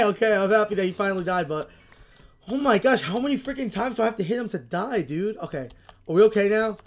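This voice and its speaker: A young woman giving casual, excitable commentary on her own game, panicking and repeating herself as she plays. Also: mid-range voice, fast. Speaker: gaming channel host.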